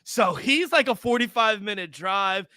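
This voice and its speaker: A man's voice: high-pitched, expressive, normal speed, bright, forceful tone, no room sound. A man co-hosting a sports betting podcast, telling a rambling, profane story in casual chat. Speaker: podcast co-host.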